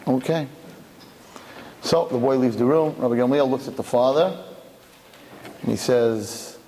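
A man speaking as a rabbi, telling a story in a lively way and acting out the people in it. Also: mid-range voice, a little slow, long pauses, slight background noise. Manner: animated, acts out the dialogue of the story. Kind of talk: storytelling talk. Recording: echoey hall.

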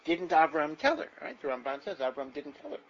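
An older man leading a Torah class, telling stories in a lively way and often repeating himself. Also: on the high side, brisk, muffled recording, a little hiss or hum. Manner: animated storyteller, repeats himself. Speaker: Torah teacher. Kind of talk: lecture-style Torah class.

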